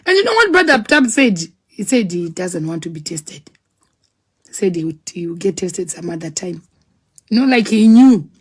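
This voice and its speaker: A woman telling her own story in a dramatic, animated way, acting out scenes with sound words. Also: mid-range voice. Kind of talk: personal storytelling.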